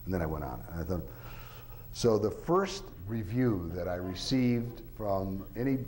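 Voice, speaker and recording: A man's voice: deep voice, animated, measured pace, a little mellow, a little hiss or hum, low-quality recording. A man, an author, giving an informal talk to an audience, rambling through anecdotes with lots of filler phrases and acting out quoted voices.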